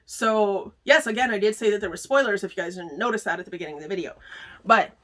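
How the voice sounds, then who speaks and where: A woman's voice: medium pitch, quick pace, a bit bright. A woman hosting a book club video, chatting casually through a book review with plenty of filler words and easy laughter.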